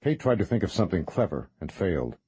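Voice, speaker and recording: A man reading a horror novel as narrator in a measured, even way. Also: low voice, slightly rough, no echo. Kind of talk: scripted audiobook narration.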